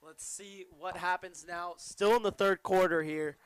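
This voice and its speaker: A high school boy calls a lacrosse game play by play, his voice high and smooth. He rattles off the plays quickly and gets louder whenever the action heats up. The sound is close and dry. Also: steady tone, no room sound. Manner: rapid play-by-play calls, rising when the action picks up. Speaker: play-by-play commentator. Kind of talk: student sports broadcast commentary.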